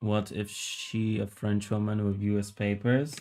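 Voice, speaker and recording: A man's voice: lowish voice, little pitch movement, measured pace, few pauses, darkish tone. A man streaming live as he sculpts, rambling and joking with his viewers in a casual chat and swearing now and then. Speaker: livestreamer sculpting while chatting.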